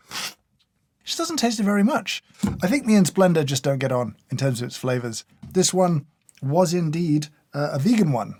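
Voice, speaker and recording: Male reviewer, fairly high voice, wry and deadpan, grumbling through tastings. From United Kingdom. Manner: dry, sardonic, mock-exasperated. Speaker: coffee reviewer. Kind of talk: casual taste-test commentary.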